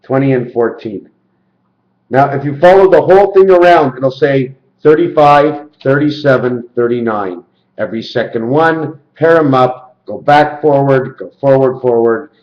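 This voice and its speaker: A man talking to camera in a rambling monologue, jumping into quoted voices with sudden pitch leaps. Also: measured pace, echoey room, muffled recording. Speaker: video maker.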